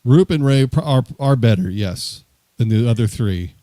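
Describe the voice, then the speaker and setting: A man co-hosting a casual sports talk stream, talking through the team in a measured way with some fillers. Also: medium pitch, lively intonation, dark tone, no echo. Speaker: sports show co-host.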